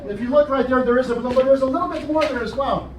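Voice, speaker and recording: A man's voice: extremely high pitch, rapid-fire. A man entertaining a library audience as a juggler, joking and explaining each trick step by step, recorded from a camera out in the audience. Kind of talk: live stage show patter. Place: library program room, indoors. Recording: roomy, distant, noisy audience recording.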